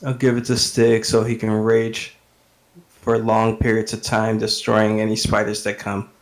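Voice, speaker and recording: A man's voice: on the low side, completely flat delivery, a little slow. A man playing a tabletop game over voice chat, speaking in a matter-of-fact way. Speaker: player. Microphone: online voice chat.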